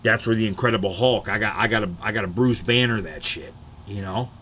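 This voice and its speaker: A man's voice: lowish voice, brisk, sharp tone, slight background noise. A young man chatting casually on a live stream, rambling and swearing freely as he tells stories. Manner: profane, rambling storytelling.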